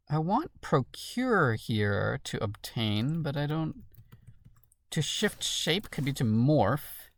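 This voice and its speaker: A woman's voice: low-pitched, animated, takes it slowly, a little mellow, dry recording. A woman solving a crossword while thinking aloud, muttering questions to herself. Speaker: crossword solver.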